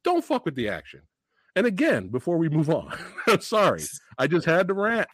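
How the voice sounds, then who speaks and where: A man hosting a movie podcast, going on a profane, animated rant about a film and laughing between points. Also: fairly high pitch, normal speed, dry recording, studio quality. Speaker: podcast host. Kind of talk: heated movie review rant.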